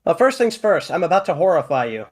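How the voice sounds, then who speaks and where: A man's voice: on the high side, very animated, quick pace. A man who does character voices, chatting casually on a livestream and explaining things at length with many fillers. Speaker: voice actor and stream cast member.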